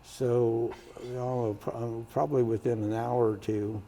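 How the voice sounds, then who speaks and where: A man's voice: medium pitch, little pitch movement, a little slow, a little hiss or hum. An older man, a former state senator, telling stories from his career in an oral history interview. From Kansas, United States. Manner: storytelling, acts out quoted voices loudly.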